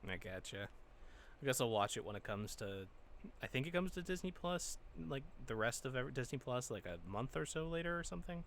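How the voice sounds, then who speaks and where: A man's voice: mid-range voice, animated, brisk, a bit bright, a little hiss or hum. A young man co-hosting a podcast in casual chat, blunt and swearing now and then. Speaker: podcast co-host.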